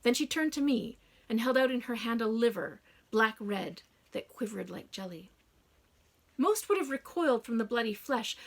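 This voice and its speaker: A woman reads a first-person audiobook in a hushed, dramatic manner. Her voice sits a little high and carries a gravelly fry. She keeps it close and storytelling. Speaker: audiobook narrator.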